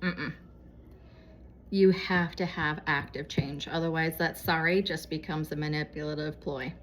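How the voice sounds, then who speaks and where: A woman's voice: low-pitched, fairly even intonation, unhurried. A woman vlogger speaking to her viewers in a casual, earnest and pleading way, giving moral advice. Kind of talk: casual heartfelt exhortation to viewers.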